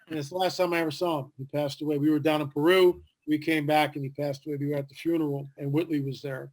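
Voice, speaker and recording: Man, older, fairly high voice, animated storyteller, interview guest. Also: quick pace, hardly any pauses. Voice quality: animated storyteller, acts out other people's lines. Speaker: interview guest, author and explorer.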